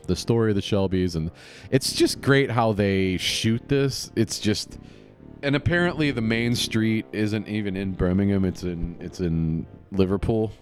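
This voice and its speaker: A man hosting a casual podcast, talking in a loose, rambling way that is full of self-corrections and small chuckles. His voice sits fairly low. Faint music plays in the background. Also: a little mellow. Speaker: podcast host.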